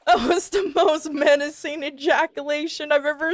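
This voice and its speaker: A woman's voice: high-pitched, steady tone, moderate pace, no room sound, studio quality. A young woman streaming, reading aloud and reacting in disbelief while often breaking into giggles. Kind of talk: casual live-stream reading commentary.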